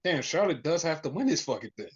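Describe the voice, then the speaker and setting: A podcast host with a husky, mid-range voice recaps events in casual chat, talking quickly over dull audio. The retelling is animated and profane, with freely flowing swearing and quotes acted out in voices.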